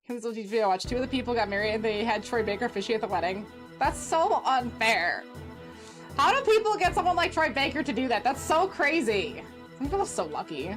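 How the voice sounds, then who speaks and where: A young woman chatting excitedly while streaming a game, over game music. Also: on the high side, brisk. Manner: chatty and excitable, reacts aloud. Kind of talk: casual gameplay commentary. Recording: game music playing under the voice.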